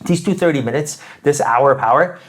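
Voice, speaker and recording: A man's voice: on the high side, fairly quick. A man giving a spiritual tarot reading, upbeat and emphatic, often tagging his points with "right?" and repeating phrases. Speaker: tarot reader.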